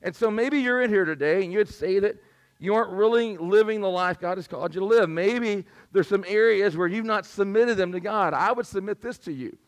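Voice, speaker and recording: Male pastor, high voice, squeaky and strained, conversational sermon delivery. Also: a little fast. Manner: conversational preaching, asks the congregation for responses. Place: church sanctuary.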